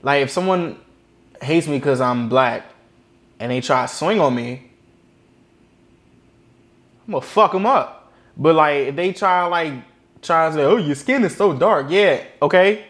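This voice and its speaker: Man, reaction host, high-pitched, blunt, swears a lot, casual commentary. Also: unhurried, pauses often. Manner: blunt, profane, animated.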